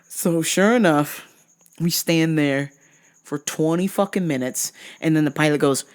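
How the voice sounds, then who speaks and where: A woman from New Jersey telling a story in a casual vlog, animated and profane. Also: low-pitched. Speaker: vlogger.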